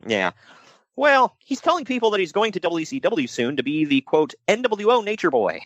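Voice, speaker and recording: Animated man chatting on a podcast. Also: sits high, moderate pace, no echo, muffled recording. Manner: jokey, animated, slips into mock voices. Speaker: podcast co-host. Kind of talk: casual podcast chat about wrestling.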